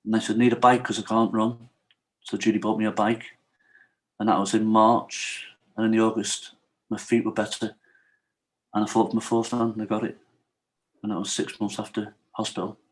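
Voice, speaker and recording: Here the same kind of podcast guest, a middle-aged man, shares his life story openly and vividly, but his voice is fairly low and his pace moderate, broken by long pauses. The recording quality is low. He animates the tale by acting out others' words and frequently asks "right?"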